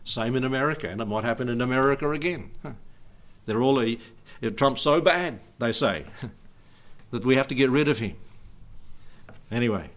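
A man's voice: medium pitch, animated, moderate pace, a bit bright. A middle-aged man preaching as a pastor in an informal, digressive way, chuckling often between his points. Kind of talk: informal sermon.

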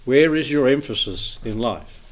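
A man's voice: mid-range voice, moderate pace, a little hiss or hum. A man preaching an informal sermon, reading scripture and telling homely stories with frequent chuckles. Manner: chuckles often, relaxed storytelling.

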